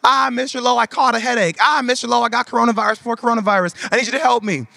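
Brief: whining small children, put on by a male preacher, bright and nagging. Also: very high voice, fairly even intonation, racing, vocal fry, no room sound, pitched above the performer's own voice, full character voice. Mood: whiny. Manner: pleading, whining. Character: whiny little children begging for treats.

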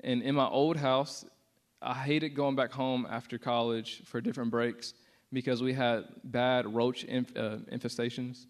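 A man's voice: mid-range voice, flat delivery, a little slow. A young man shares a personal testimony with a church audience in a loose, conversational way. He is earnest and unpolished, full of fillers, and he leans hard into the words he quotes. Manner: casual and earnest, many "like" fillers, acts out quotes with rising intensity. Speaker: speaker sharing a testimony.

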